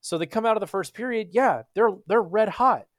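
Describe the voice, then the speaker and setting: A young man from Texas, hosting a casual hockey podcast, animated and swearing freely. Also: high-pitched, brisk, no room sound. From Texas, USA. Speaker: podcast host.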